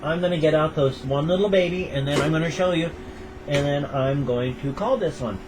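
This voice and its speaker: A man's voice: fairly high pitch, a little fast, background noise. An older American man rambling in a casual daily vlog, tender and repetitive as he talks about his pets. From United States. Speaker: vlogger.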